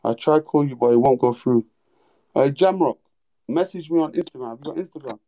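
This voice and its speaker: A man's voice: mid-range voice, brisk, warm tone. A young man hosting a casual livestream, teasing callers bluntly in street slang. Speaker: livestream host.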